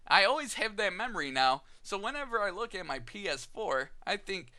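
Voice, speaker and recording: A man's voice: high-pitched, very animated, brisk, bright, forceful tone. A young man casually telling a personal story on his vlog, candid and chatty, often laughing and acting out both sides of remembered conversations. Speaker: vlogger.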